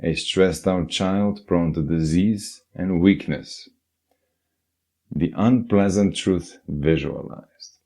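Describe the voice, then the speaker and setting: A man's voice: low voice, slow, a little mellow. A man giving a scripted, earnest self-help narration and speaking directly to the listener.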